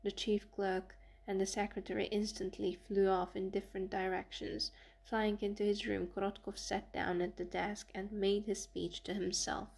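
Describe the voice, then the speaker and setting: A woman narrating an audiobook in an even, measured reading. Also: mid-range voice, vocal fry, husky. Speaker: audiobook reader.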